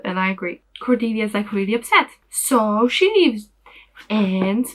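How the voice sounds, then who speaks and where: A woman's voice: medium pitch, lively intonation, measured pace, fairly bright tone. A woman giving a casual, rambling spoiler recap of a book in a vlog, full of fillers and the odd swear word. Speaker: book vlogger.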